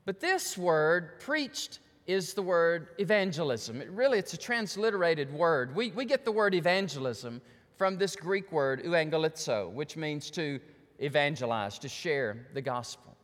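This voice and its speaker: A pastor with a rather high voice preaching in a sanctuary, his words trailing off in a long hall reverb. He is emphatic, rushing through quick asides and then slowing to lean hard on key phrases. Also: expressive, a bit bright. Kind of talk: sermon. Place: church sanctuary.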